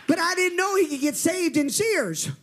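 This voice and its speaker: A male preacher, telling a story in a sermon with animated delivery and calls for amens. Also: very high voice, moderate pace, slight background noise.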